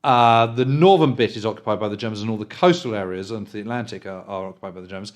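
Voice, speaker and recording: A middle-aged man co-hosting a history podcast, explaining events in a casual, methodical way and slowing down for emphasis. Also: on the low side.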